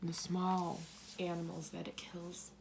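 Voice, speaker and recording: A middle-aged woman giving a tarot and coffee-ground reading, rambling, cursing now and then, and slipping into soft whispers. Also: lowish voice, monotone, takes it slowly, creaky, background noise. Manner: swears freely when relaying messages. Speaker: tarot reader.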